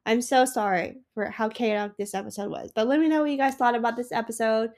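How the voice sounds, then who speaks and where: A woman's voice: fairly high pitch, steady tone, fast, darkish tone. A sick young woman hosting her own podcast, gushing and emotional in a rambling casual chat. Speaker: podcast host.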